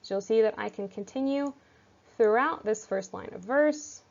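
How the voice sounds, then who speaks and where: A woman teacher giving a recorded lecture, explaining step by step in a clear, methodical way. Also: on the high side, moderate pace, a little mellow. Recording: slightly dull lo-fi audio.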